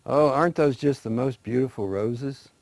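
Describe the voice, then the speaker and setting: Man doing a chatty old woman, fussy, doting, higher voice. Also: normal speed, creaky, darkish tone, no room sound, natural voice. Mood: fond. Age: older. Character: old chatty Cherokee woman proud of her roses.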